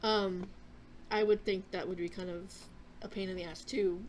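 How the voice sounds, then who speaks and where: A woman's voice: mid-range voice, fairly even intonation, normal speed, darkish tone, a little hiss or hum. A young adult woman hosting a gaming vlog, chatting casually in a rambling way with many fillers and restarts. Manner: chewing a cough drop. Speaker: gaming channel host.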